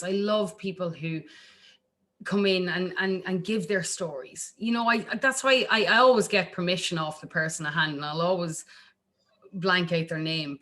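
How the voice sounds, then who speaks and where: Lively Irish woman guest, slightly low-pitched, talks in bursts and restarts, acts out quotes. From Ireland. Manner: animated, acts out quotes in a jumpy high voice, lots of restarts. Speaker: singer-songwriter guest. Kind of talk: casual interview chat.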